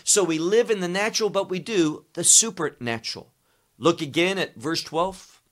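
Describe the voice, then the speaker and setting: A man preaching a sermon, teaching slowly and emphatically through a scripture passage, repeating key words and phrases. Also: high-pitched. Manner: slow, emphatic teaching with Hebrew terms.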